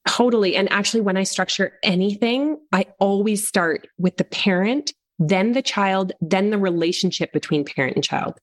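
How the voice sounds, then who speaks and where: A woman's voice: medium pitch, moderate pace, hardly any pauses. A middle-aged woman, a parent coach, talking earnestly in a podcast interview and acting out little quoted voices.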